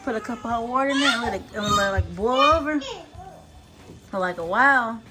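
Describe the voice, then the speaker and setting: Young mother vlogging chores, high-ish voice, music playing behind. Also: brisk. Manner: talks to her babies and toddler while doing chores. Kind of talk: casual home vlog chat.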